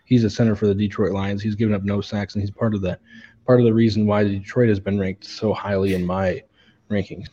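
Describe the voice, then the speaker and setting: Male podcast co-host, low-pitched, hesitant analytical chat, muffled lo-fi recording. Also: flat delivery, a little fast, dark tone. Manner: analytical, hesitant fillers and repeats. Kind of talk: casual sports podcast chat.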